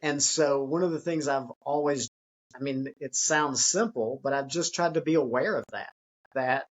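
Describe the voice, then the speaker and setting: A man speaking as a guest author in a conversational interview, earnest and reflective, sometimes acting out an excited child's voice. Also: medium pitch, moderate pace, muffled recording.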